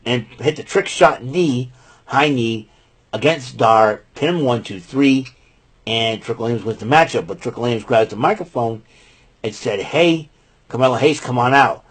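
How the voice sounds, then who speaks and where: Male host, husky voice, loose rambling recap with lots of "uh" and "you know". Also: medium pitch, a little slow. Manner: rambling, many fillers and restarts. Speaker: podcast host recapping wrestling. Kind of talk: casual spoken recap.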